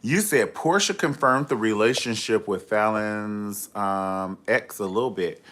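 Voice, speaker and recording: A man's voice: lowish voice, lively intonation, a little slow, few pauses, fairly bright tone. A man hosting a live reality TV review, talking in a sassy, campy, gossipy way. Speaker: host of a live review show.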